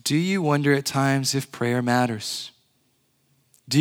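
A male pastor preaching a sermon in a church, earnest, slowing and dropping to a hush on key words. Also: mid-range voice, clear, resonant tone.

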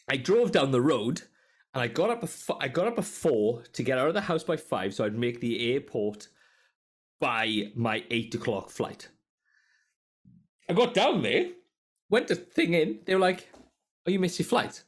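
Man, podcast co-host, lively swings in pitch, swears, laughs through an anecdote. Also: slightly rough. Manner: animated, swearing, laughing while telling a story. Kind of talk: casual storytelling chat.

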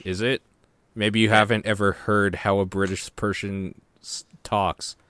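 A man's voice: fairly low pitch, flat delivery, unhurried, a bit bright, dry recording. A man co-hosting a podcast, chatting casually, reading out viewer questions, and teasing his co-host in a wry way. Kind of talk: casual chat.

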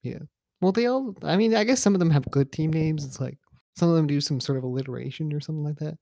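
Man, podcast co-host, casual rant, fry in the voice, dark tone. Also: fairly high pitch, quick pace, no echo, clean studio sound. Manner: laid-back, swears, ranting. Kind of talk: casual wrestling podcast chat.

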